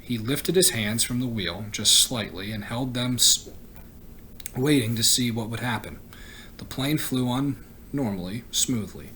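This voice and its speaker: Teacher reading a chapter book aloud, mid-pitched, even, slight slips. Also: male voice, unhurried, a little hiss or hum, rough recording. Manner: steady reading with occasional stumbles and self-corrections.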